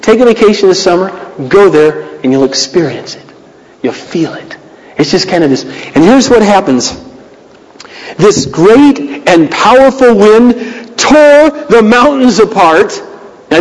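A man preaching a sermon as pastor, reading scripture aloud with dramatic, animated delivery. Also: high-pitched, long reverb tail, low-quality recording.

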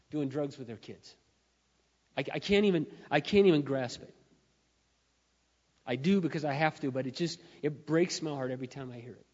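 A man preaching a sermon in a church, telling stories and building to loud, emphatic peaks. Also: on the high side. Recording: dull sound with long hall reverb.

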